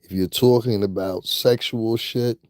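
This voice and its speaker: A man's voice: lowish voice, fairly even intonation, unhurried, darkish tone, no room sound, clean studio sound. A man vlogging in a confrontational rant, profane and taunting, breaking into laughter at times.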